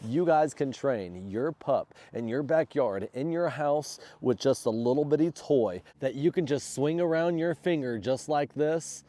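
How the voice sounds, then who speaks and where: A man who is sick and under the weather, explaining dog training in a casual vlog and snapping out loud commands to his dog. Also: mid-range voice, a little slow, few pauses, no echo. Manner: loud sharp commands between relaxed explanations. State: sick, congested. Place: outdoors in a backyard.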